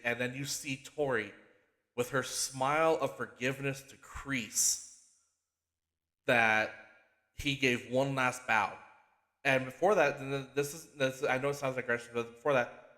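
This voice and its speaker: Excitable, swearing male podcast host. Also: mid-range voice. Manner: excitable, profane, animated storytelling; swears often, restarts sentences. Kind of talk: casual recap of a TV series.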